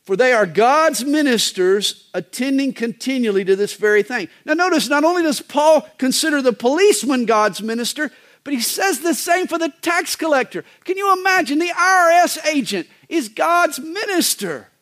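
Man, pastor, high voice, folksy joking sermon, pitch swinging up and down. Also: lively intonation, normal speed, a bit bright.

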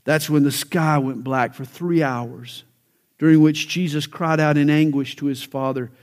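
A man's voice: on the high side, fairly even intonation, measured pace, darkish tone. A male pastor preaching a sermon, telling jokes and stories, then building to fervent emphasis.

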